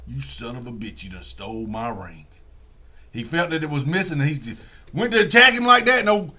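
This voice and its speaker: High, bright-voiced man rambling. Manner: folksy, profane, digressive storytelling. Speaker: comedian. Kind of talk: rambling comic monologue.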